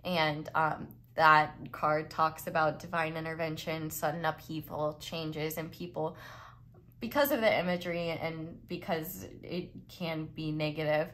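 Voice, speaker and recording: A young woman with a slightly low voice talks through a tarot reading in a loose, conversational way. She leans on "like" and "um" and restarts her phrases as she goes. Her delivery is relaxed and informal rather than polished. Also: unhurried. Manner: chatty, heavy use of "like" and "um", frequent restarts. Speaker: tarot reader. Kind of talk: casual psychic tarot reading.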